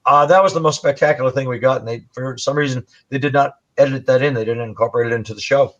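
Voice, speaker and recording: A man telling a paranormal case story as a guest on a live stream, animated and colorful. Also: medium pitch, fast talker. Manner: animated storyteller, imitates growls. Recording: muffled lo-fi stream audio.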